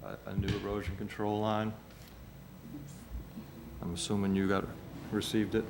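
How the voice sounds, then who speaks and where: Low flat-voiced man, noisy room. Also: normal speed. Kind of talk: public meeting discussion.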